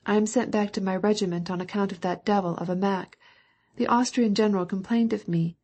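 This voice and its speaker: A woman reading a cheerful young officer in an audiobook, joking and lively as he brings news. The voice is mellow and a little husky. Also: medium pitch, fairly quick, natural voice.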